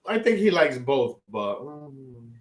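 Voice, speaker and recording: A man co-hosting a podcast in relaxed, casual chat, laughing easily and using many fillers. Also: mid-range voice, takes it slowly, echoey room. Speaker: podcast co-host.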